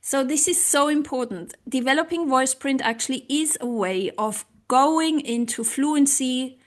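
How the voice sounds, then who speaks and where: Woman coach, non-native English accent. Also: sits high. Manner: earnest, pauses to search for words. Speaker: language coach. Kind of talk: casual talk to camera.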